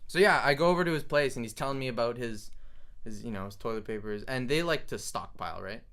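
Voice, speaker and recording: A man's voice: medium pitch, quick pace, fairly bright tone, clear, resonant tone. A man casually telling a funny family story to a friend, laughing often as he goes. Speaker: podcast co-host.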